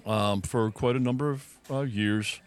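A man's voice: lowish voice, a little slow, clear, resonant tone. A man co-hosting a casual podcast chat, thinking aloud in a reflective way with frequent restarts. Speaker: podcast co-host.

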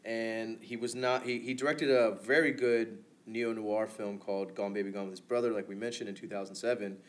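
A man's voice: on the low side, steady tone, fairly quick. A man co-hosting a casual movie podcast, loose and swearing, laughing often. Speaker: podcast co-host.

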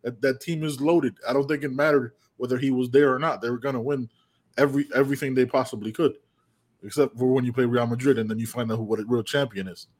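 A man from the United States co-hosting a casual sports podcast, rambling and animated, swearing freely. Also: medium pitch, fast talker. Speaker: podcast co-host.

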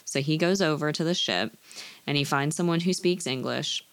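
Low-voiced woman retelling a story casually. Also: moderate pace, no echo. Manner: retelling the plot with quoted voices, many "like"s. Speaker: podcast co-host. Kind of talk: casual book-club chat.

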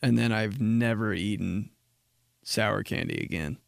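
A young man hosting a podcast, rambling through a comic story and dropping into slow, low voices when he quotes people. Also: gravelly, no room sound, studio quality. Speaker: podcast host. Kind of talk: casual comedic monologue.

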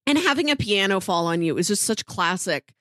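A woman's voice: medium pitch, expressive, a bit bright, dry recording, clean studio sound. Laughing woman podcast co-host. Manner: enthusiastic, quick to laugh, listing details with comic emphasis. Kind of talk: casual chat.

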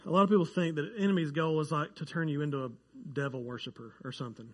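A man preaching a sermon to his church, chatty and joking with the congregation, growing excited over facts that surprise him. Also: fairly high pitch, rapid-fire. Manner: conversational, jokes with the congregation, gets animated over surprising facts. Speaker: pastor. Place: church sanctuary.

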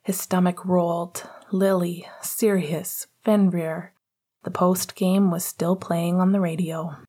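A woman narrating an audiobook at a steady, measured pace. Her voice sits low and carries a husky, breathy texture. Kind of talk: scripted narration.

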